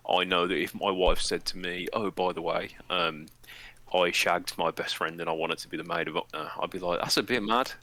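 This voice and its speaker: Give me a man with a low voice and a bright, forceful edge, chatting on a podcast. He is blunt and crude and jokes as he goes. He keeps it relaxed and conversational. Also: fairly quick, poor audio. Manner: blunt, profane, jokey. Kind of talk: casual chat.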